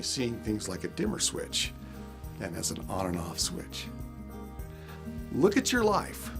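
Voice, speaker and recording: Male motivational speaker, animated delivery, swinging pitch. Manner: animated, acts out everyday scenes. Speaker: life lesson speaker. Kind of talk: motivational talk.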